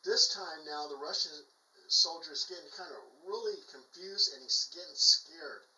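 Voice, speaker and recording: A man in casual chat, telling a joke to his co-host as an animated storyteller. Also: fairly high pitch, moderate pace. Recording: echoey room, distant mic.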